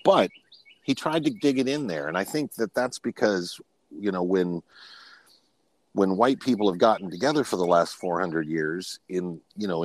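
Deep-voiced man telling a frank story. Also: no room sound. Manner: rambling, frank, often restarting phrases. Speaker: podcast guest. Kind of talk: personal storytelling in casual conversation.

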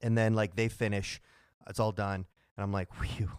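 A man's voice: on the low side, little pitch movement, normal speed, smooth, no room sound, studio quality. A man co-hosting a podcast, telling an anecdote in a laid-back way and acting out the quotes. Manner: laid-back storyteller who acts out quotes. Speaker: podcast co-host. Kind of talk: casual chat.

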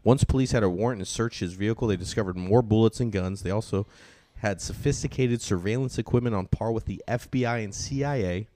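A man's voice: fairly low pitch, brisk, warm tone. A man who is a comedian and podcast host, reading a true-crime story from notes and joking with his co-host. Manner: reads notes steadily, then trades banter.

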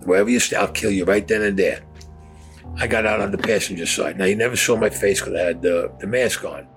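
A man's voice: on the low side, fairly even intonation, a little fast, soft background music, poor audio. A man bluntly recounting his own past in a casual, profane storytelling style, often acting out what was said. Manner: blunt, profane, acts out quotes.

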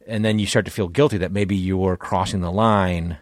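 A man's voice: low-pitched, fairly even intonation, brisk, no room sound, studio quality. A man co-hosting a podcast in casual chat, laid-back, laughing easily and swearing. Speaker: podcast co-host.

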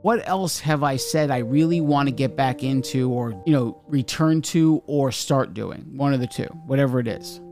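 A man's voice: medium pitch, moderate pace, few pauses, darkish tone, faint music behind. Emphatic man ranting on a podcast. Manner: emphatic, argumentative, says okay often. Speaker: podcast host. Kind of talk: ranting monologue.

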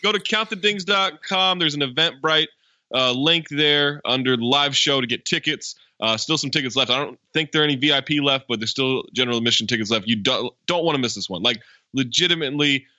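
Bright, rambling male podcast host. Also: medium pitch, brisk, no echo, highs cut off. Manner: rambling, lots of "like". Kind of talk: casual chat.

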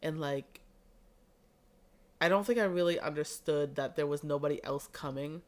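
A woman guesting on a podcast, chatting casually and telling lively stories in which she acts out other people's voices. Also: low-pitched, normal speed. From grew up in the US.

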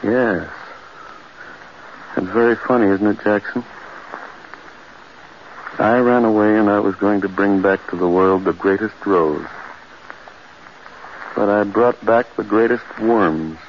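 A man's voice: on the low side, steady tone, slow pace, pauses often. An actor playing a guilt-stricken man driven half mad by horror, in 1940s radio acting, with a strained voice that breaks into anguished cries. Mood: bitter. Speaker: Charles Prentice, a man haunted by his wife's death. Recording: muffled old radio recording, loud hiss.

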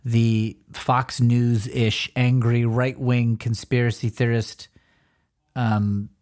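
A man co-hosting a casual podcast, walking through a comic and acting out its lines in quick voices. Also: mid-range voice, flat delivery, darkish tone. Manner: retells panels, reading out lines in quick voices. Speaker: podcast co-host. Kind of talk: casual chat about a comic.

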